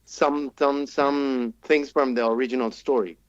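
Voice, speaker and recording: A man's voice: mid-range voice, fairly even intonation, unhurried. Hesitant man with English. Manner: hesitant, repeats words while searching for them. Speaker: theater director and playwright. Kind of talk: radio interview guest. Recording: dull, dry studio sound.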